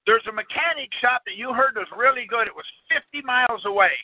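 A man's voice: very high voice, a little fast, dry recording. A man giving a folksy, rambling talk to a small audience and quizzing them with questions. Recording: tinny phone-line recording, dry.

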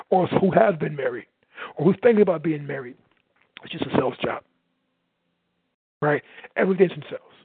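A man from the United States gives an energetic motivational talk as a sales coach, loud and fast. His voice sits on the higher side and has a gravelly, husky edge. It comes through a dry, tinny, phone-like line. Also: no echo. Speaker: sales coach and podcast host.

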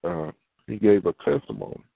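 A man's voice: on the low side, brisk, creaky, husky, no room sound. Man pastor, casual sermon, acts out voices, dry tinny phone sound. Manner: animated, acts out dialogue, repeats himself. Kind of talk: preaching sermon.

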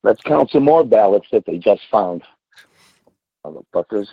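A man's voice: on the low side, lively intonation, normal speed, husky, no echo. Cussing trucker guy in his sixties, blunt and ranty, dull muffled phone sound. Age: 60s. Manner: blunt, profane and ranting. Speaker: trucker calling in. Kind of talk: casual call-in rant.

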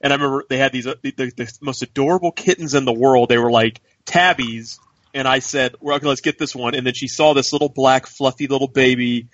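A man co-hosting a podcast, rambling in casual chat with halting restarts. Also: mid-range voice, fairly even intonation, a bit bright, no room sound. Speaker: podcast co-host. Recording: distant dull dry mic.

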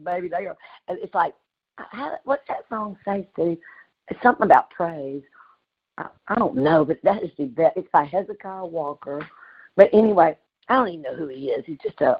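Animated woman telling a story. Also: deep voice, slightly rough, dull audio. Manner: animated, warm storyteller with laughs and exclamations. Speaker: community call participant. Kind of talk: casual storytelling on a group call.

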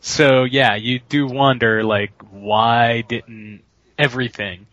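A man's voice: medium pitch, steady tone, slow, a bit bright, dry recording, highs cut off. A man co-hosting a casual movie commentary podcast, rambling and laughing as he trails off mid-thought. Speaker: podcast co-host.

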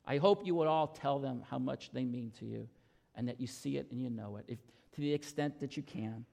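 A male pastor preaches an earnest sermon to his congregation in a church sanctuary, weaving in stories, with long reverb filling the hall. His medium-pitched voice is gravelly and dark, and a little fast.

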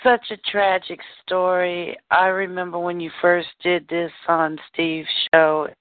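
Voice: medium pitch, flat delivery, unhurried, smooth, dry recording. A radio show host responding with praise after a poem. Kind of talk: casual radio chat. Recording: tinny phone line.

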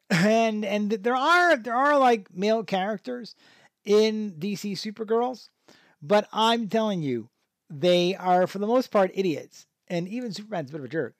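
A man's voice: high-pitched, no room sound, studio quality. A man hosting a podcast, reviewing in a rambling, casual way with lots of fillers, restarts and chuckling asides. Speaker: podcast host.

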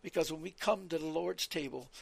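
A man's voice: fairly high pitch, fairly quick, gravelly, breathy edge. A man giving an earnest Bible teaching in a sermon style, reading verses aloud and often repeating his words. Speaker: preacher.

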